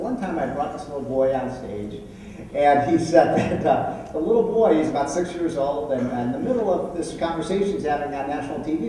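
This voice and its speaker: A man tells rambling, joking stories as a dinner keynote speaker, restarting his sentences often. His voice sits a little high for a man. He is picked up from a distance in a large echoing hall with faint room noise. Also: mellow. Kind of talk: after-dinner speech with anecdotes. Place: banquet hall.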